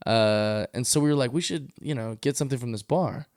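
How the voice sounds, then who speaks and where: A comedian guest on a podcast, casually telling a story and acting out the people in it. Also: male voice, medium pitch, a little fast, no echo, clean studio sound. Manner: animated, acts out quoted voices.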